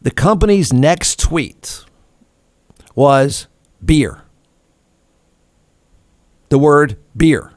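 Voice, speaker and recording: A man's voice: fairly high pitch, lively intonation, drawn-out words, long pauses, a little mellow, dry recording, studio quality. A man hosting a talk show, ranting in a snarky, irreverent way and laughing at his own jokes. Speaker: radio show host. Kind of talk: comedic talk show rant.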